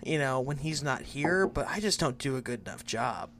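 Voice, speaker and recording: Wry laid-back man with bright voice. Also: medium pitch, lively intonation, moderate pace. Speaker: podcast co-host. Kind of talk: casual podcast banter.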